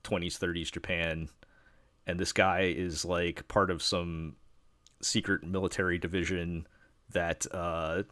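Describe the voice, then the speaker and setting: A man's voice: sits low, little pitch movement, a little slow, sharp tone, no echo, clean studio sound. A man from New York chatting casually on a podcast, rambling with lots of fillers and restarts. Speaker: podcast host. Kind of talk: casual chat.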